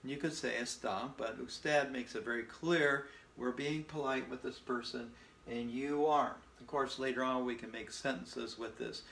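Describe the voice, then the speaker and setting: A man teaching a casual Spanish lesson from home, relaxed and repetitive, often checking in with "okay?". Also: mid-range voice, moderate pace, gravelly, echoey room. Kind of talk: casual recorded lesson at a board. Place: room at home.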